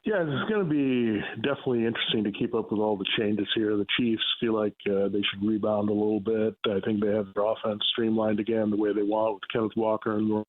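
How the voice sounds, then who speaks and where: A man calling in as a guest on a sports radio show, answering in a measured, analytical way. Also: fairly low pitch, fairly even intonation. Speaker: NFL writer and guest. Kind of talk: phone-in radio interview. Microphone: phone. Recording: tinny phone line.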